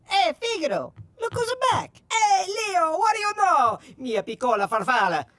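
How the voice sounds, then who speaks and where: Brief: loud, theatrical cartoon barbers, wide swooping pitch. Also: male voice, sing-song, moderate pace, no room sound, full character voice. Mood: bickering. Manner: boisterous, bickering, theatrical. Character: two excitable vegetable barber brothers, middle-aged men. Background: background music.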